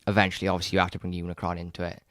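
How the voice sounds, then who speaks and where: Deep-voiced man rambling about films. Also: completely flat delivery, rapid-fire, fairly bright tone, smooth, dry recording, studio quality. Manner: rambling, enthusiastic, frequent restarts and stammers. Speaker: podcast co-host. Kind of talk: casual chat about films.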